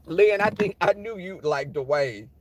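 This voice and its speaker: A man's voice: high voice, measured pace, a little hiss or hum. A man telling sassy, dramatic workplace stories while driving his car. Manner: sassy, animated, dramatic storytelling. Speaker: vlogger. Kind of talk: storytelling chat while driving.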